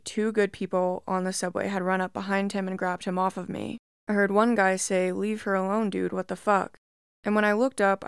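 A woman reads creepy reddit stories aloud in a steady, measured first-person voice. Her tone is smooth and clear at a middle pitch, recorded close and dry. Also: dry recording. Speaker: story narrator. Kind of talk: scripted narration of reddit horror stories.

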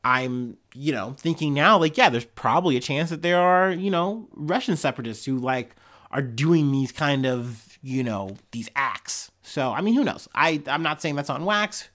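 A man's voice: fairly high pitch, expressive, moderate pace, fairly bright tone. Rambling, sarcastic man. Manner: rambling, sarcastic, with frequent fillers and swearing. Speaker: podcast host. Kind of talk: casual solo news commentary.

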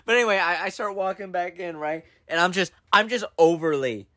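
Bright young man acting out stories. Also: high-pitched, fairly quick, no echo, studio quality. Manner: animated, acts out the people in his stories. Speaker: podcast co-host. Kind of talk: casual storytelling chat.

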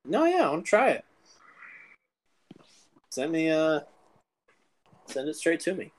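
A man's voice: on the high side, huge pitch swings, unhurried, rough recording. A man co-hosting a podcast, telling a story in casual chat with a teasing, joking manner. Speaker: podcast co-host.

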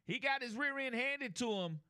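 A man hosting a sports talk show, talking in an animated, emphatic way with quick restarts. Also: very high-pitched, smooth, no echo, clean studio sound.

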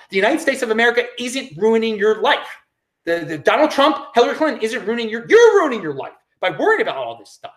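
Male solo podcast host, opinionated and rambling, lively swooping pitch. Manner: opinionated, rambling, frequent restarts.

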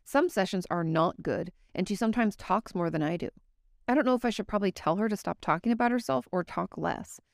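A woman's voice: mid-range voice, a little fast, gravelly, no echo, studio quality. A woman therapist talking casually and candidly to her viewers, giving advice and now and then swearing. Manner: candid, conversational, occasionally swears.

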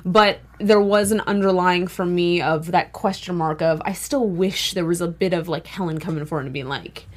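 A woman co-hosting a TV after-show, thoughtful and measured, pausing on ums. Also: on the low side. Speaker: co-host. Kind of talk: casual TV after-show chat.

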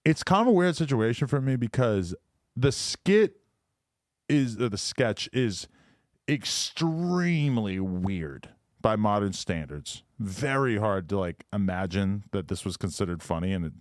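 Laid-back podcast host, lowish voice. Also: male voice, big pitch swings, unhurried, no room sound, studio quality. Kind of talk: casual chat.

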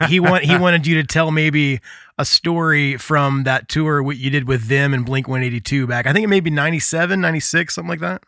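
Easygoing host, a bright-voiced man. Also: mid-range voice, no room sound. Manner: easygoing, friendly, fillers. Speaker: podcast host. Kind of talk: casual interview.

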